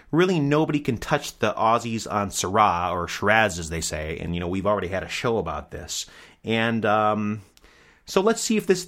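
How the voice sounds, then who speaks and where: A man's voice: lowish voice, fairly bright tone. A man hosting a comic wine review show, talking in a sarcastic, brash, mock-outraged way.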